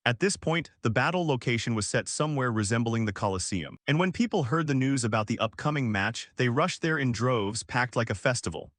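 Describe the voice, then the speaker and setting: A man narrating a story recap in a scripted storytelling style, lifting his pitch for the characters' lines. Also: expressive, brisk, hardly any pauses, a bit bright, no room sound, studio quality.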